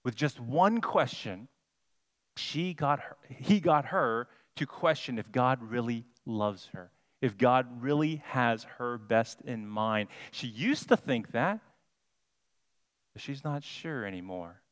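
A man preaching a sermon as pastor, deliberate and emphatic, stressing single words. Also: mid-range voice, animated. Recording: long hall reverb.

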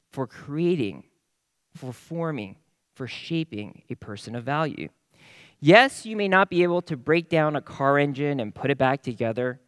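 A man preaching a sermon in an emphatic, animated way, repeating phrases in lists and building to points. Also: mid-range voice, no room sound, studio quality.

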